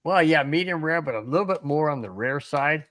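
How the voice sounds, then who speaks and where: A man co-hosting a casual sports podcast, telling animated stories, laughing often and stumbling over his words. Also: on the high side, fairly quick. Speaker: podcast co-host.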